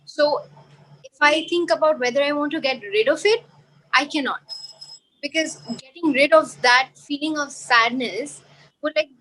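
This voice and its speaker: A woman's voice: high-pitched, normal speed, sharp tone, a little hiss or hum, rough recording. A woman reflecting aloud in a casual group conversation over a video call, hesitant and full of filler words. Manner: musing, hesitant, many "like" fillers. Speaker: panel participant.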